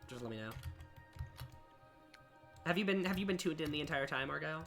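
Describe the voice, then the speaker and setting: A man's voice: fairly high pitch, animated, fairly quick, gravelly, a bit bright. A young man, a university student, chatting casually on a live stream while he works, muttering at his own progress in a self-deprecating way. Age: young adult. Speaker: streamer and level designer. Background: music and keyboard typing.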